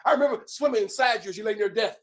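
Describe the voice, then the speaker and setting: A man with a very high voice performs spoken word on a bookshop stage. He swings hard between loud, driving lines and hushed ones. Between poems he hosts the evening in a looser, chatty tone. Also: very fast. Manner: dramatic, swells and drops in loudness. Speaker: host and spoken word poet. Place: bookshop stage before an audience.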